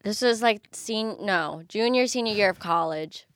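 A woman's voice: mid-range voice, normal speed, a bit bright, no echo. A young woman co-hosting a podcast, frankly recounting a story and acting out the quoted lines. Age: young adult. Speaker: podcast co-host. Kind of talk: casual chat among friends.

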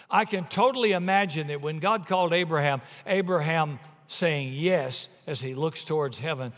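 Give me a man preaching a sermon, swinging from loud to hushed, with a fairly high voice. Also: big-room sound. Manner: storytelling, shifting from loud to hushed. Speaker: pastor.

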